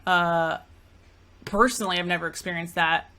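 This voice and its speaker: A podcast host and matchmaker from Greece tells stories in relaxed conversation, leaning heavily on "like" and "you know." Her voice is fairly low, pushed and bright, with fairly even intonation at normal speed.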